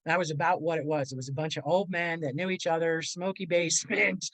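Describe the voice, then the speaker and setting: An older woman, a guest on a video call, telling her life story in a lively way, acting out the voices she quotes and laughing often. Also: sits low, brisk, dry recording, low-quality recording. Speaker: guest speaker. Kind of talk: animated personal storytelling.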